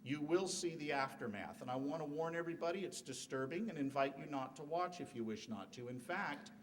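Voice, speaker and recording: A man's voice: on the high side, fairly quick, far from the mic, a little hiss or hum. A middle-aged man giving a formal debate speech in a university hall, emphatic, with rhetorical questions and joking asides. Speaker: debate speaker.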